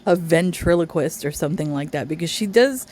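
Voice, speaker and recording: A woman's voice: deep voice, animated, fairly quick, a little mellow, slight background noise. Woman making dry, scornful remarks. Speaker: commentator. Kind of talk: mocking reaction commentary.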